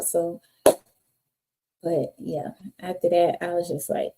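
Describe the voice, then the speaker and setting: A woman with a fairly low voice speaks at a normal speed as a guest on an interview podcast. She tells her life story candidly and with animation, acting out the voices of the people in it.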